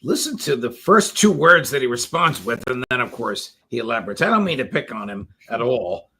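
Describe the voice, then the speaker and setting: A man's voice: mid-range voice, sing-song, a little fast, pushed and bright, a little hiss or hum. A male host of a political interview show, making indignant and sarcastic asides.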